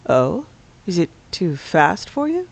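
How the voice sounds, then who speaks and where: A game streamer reading aloud as a teasing noblewoman who flirts with a bard, lifting the voice higher and softer. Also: huge pitch swings, slow, gravelly, heavily acted. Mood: flirty. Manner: coy, teasing, lilting higher.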